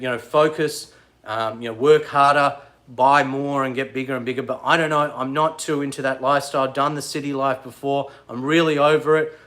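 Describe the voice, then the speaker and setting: A man chatting casually on a livestream, rambling and excitable, answering commenters as he goes. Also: mid-range voice. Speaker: vlogger.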